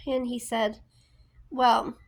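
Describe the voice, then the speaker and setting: Woman, casual vlog storyteller, unhurried and rambling, full of fillers. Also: medium pitch. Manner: rambling, many fillers and restarts. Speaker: book vlogger.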